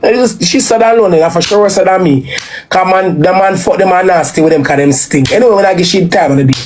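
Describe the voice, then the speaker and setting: A woman's voice: fairly low pitch, quick pace, a little mellow, slight background noise. Blunt Jamaican woman, frank chat. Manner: blunt and unfiltered, drifting into Patois. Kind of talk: frank casual chat on a live stream.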